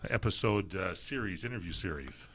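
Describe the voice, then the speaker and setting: A man's voice: low voice, expressive, a little fast, a bit bright, no echo. An older man co-hosting a casual sports radio show, telling stories loosely with lots of fillers. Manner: rambling, filler-heavy storytelling.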